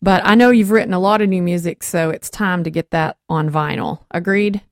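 A woman hosting a Christian talk show, telling a faith story in a lively way and acting out the voices she quotes. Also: fairly low pitch, a little fast, dry recording, studio quality.

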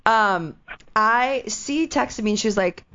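A woman in casual chat, excitedly retelling a story and acting out the quotes. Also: on the high side, unhurried. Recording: dull lo-fi sound.

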